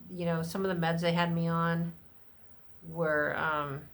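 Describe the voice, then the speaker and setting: A woman's voice: little pitch movement, a little slow. A middle-aged woman talking candidly and rambling in a personal vlog, with fillers and the odd swear word. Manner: acts out other people's lines in a much higher voice. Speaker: vlogger. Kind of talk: unscripted personal vlog chat.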